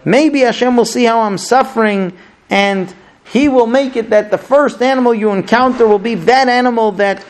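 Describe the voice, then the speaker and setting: A grief-stricken old father, as a male storyteller puts him on, lamenting his lost son. His high voice climbs as he cries out in bitter questions. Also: normal speed. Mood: bitter, demanding. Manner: lamenting, crying out.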